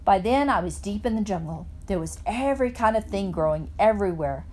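A woman reading a children's novel aloud in a plain, steady narrating voice. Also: mid-range voice, brisk, a little hiss or hum. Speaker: reader.

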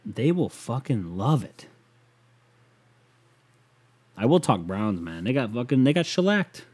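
A man's voice: mid-range voice, big pitch swings, unhurried, a little mellow, slightly rough. A man hosting a casual, comedic rant show, talking in a profane, sarcastic and rambling way.

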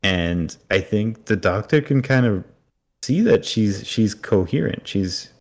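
A man with a fairly low, expressive voice talks slowly as a podcast co-host. He casually recaps an episode, acting out the characters' lines as he retells the scenes.

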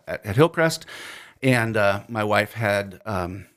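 A man's voice: fairly low pitch, lively intonation, takes it slowly, a bit bright. A middle-aged man from New Jersey with a faint New Jersey accent, casually telling a story in conversation and chuckling often.

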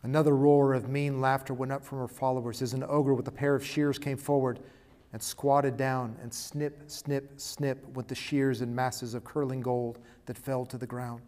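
Man, preacher, sermon, dramatic read-aloud, middle-pitched voice, hushed to forceful. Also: level tone, moderate pace. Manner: swings from hushed to loud and emphatic. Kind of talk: sermon with dramatic storybook reading.

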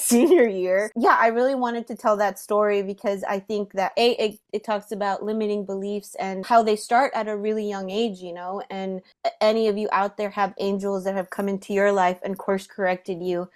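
A woman's voice: mid-range voice, steady tone, normal speed. A young woman hosting a podcast, telling a personal story animatedly with frequent laughter. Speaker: podcast host. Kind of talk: casual storytelling.

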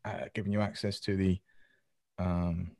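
A man's voice: sits low, level tone, measured pace, vocal fry, mellow. A man co-hosting a casual podcast, teasing the others and asking naive questions. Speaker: podcast co-host. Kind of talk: casual chat.

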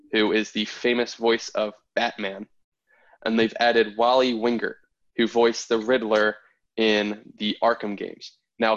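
A young man with a somewhat low voice hosts a casual podcast chat, steering to new topics and explaining at length. The call audio is dull and lo-fi. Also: fairly bright tone. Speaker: podcast host. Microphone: video call.

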